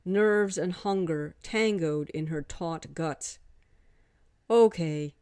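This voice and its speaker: A woman narrating a romance story in a measured, unhurried way. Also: fairly low pitch, darkish tone, no room sound. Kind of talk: scripted narration.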